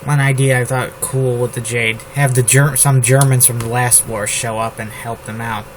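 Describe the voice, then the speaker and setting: A man from the United States drafting his novel out loud, repeating words and phrases as he types them. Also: mid-range voice, level tone, moderate pace, slight background noise, poor audio. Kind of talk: thinking aloud while drafting a novel. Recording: loud keyboard typing over the voice. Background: keyboard typing.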